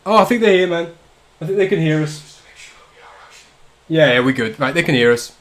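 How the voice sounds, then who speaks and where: On his casual drinking-stream chat, a northern English host keeps up swearing, joking banter and laughs often. His voice is a little high and expressive, at a moderate pace.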